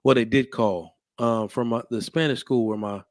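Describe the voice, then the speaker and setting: Male podcast host, lively storyteller, dry close mic. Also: medium pitch, normal speed, no room sound. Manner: animated storyteller, acts out quotes. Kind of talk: casual chat.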